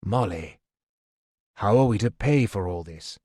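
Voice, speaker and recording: A man voicing a gruff, stubborn wounded man for an audiobook, dropping his voice lower and speaking tersely. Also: animated, unhurried, mellow, no echo, clean studio sound.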